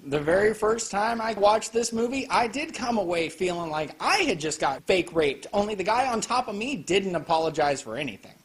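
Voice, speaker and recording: A man giving a casual, joking film review, full of swearing and quick asides. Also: high-pitched, lively intonation. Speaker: anime reviewer. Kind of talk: casual profane video review.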